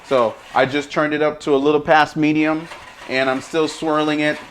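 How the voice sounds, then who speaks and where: A man's voice: on the high side, a little hiss or hum. A man hosting a casual cooking demo and taste test, humming over each bite and talking with his mouth full. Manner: talks with mouth full, lots of savoring hums; slow, relaxed delivery. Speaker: chef, cooking show host.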